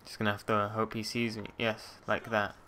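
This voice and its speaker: A man's voice: on the low side, completely flat delivery, brisk, pushed and bright, slight background noise. A young man commentating on his gameplay, muttering and swearing at the game in frustration. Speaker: let's play gamer.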